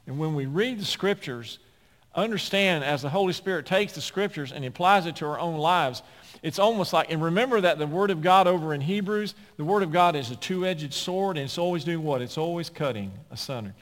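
Male pastor, sermon delivery, fairly high voice, dramatic loud-soft swings, long church reverb. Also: brisk. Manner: emphatic preaching with dramatic swings between loud and hushed. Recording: long reverb of a large hall.

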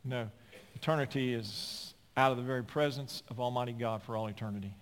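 A man's voice: mid-range voice, a little fast. Fiery preacher man in a reverberant hall. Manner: emphatic preaching that builds toward near-shouting; folksy asides and repeated words. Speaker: pastor. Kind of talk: sermon. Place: church sanctuary. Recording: long reverb of a large hall.

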